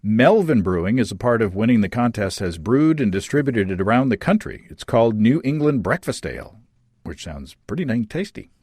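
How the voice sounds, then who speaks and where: This podcast host has a husky, medium-pitched voice and a brisk delivery. He reads listener letters in a casual, lively chat, laughing and restarting often amid frequent fillers. The sound is studio quality with no echo.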